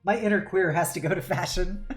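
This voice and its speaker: A woman's voice: lowish voice, fairly quick, soft background music. A woman streaming a game live, reading its text aloud in a playful, mock-dramatic way and laughing often.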